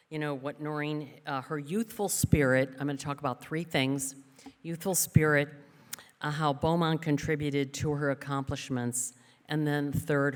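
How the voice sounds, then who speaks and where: Woman, award acceptance speech, chatty, joking, fillers, podium mic, long echo of a large hall. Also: low-pitched. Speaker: award recipient's sister giving acceptance speech. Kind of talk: ceremony speech.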